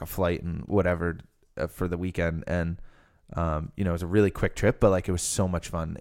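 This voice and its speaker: A young podcast host from Rhode Island chats casually, rambling with plenty of fillers. His voice is low, smooth, and a little mellow.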